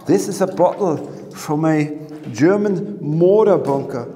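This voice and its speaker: A man exploring an underground bunker, talking to his camera in excited bursts and often repeating himself, recorded on a handheld camera. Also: a little high, unhurried. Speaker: history explorer vlogger. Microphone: handheld camera mic. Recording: echoey bunker with long reverb, faint noise.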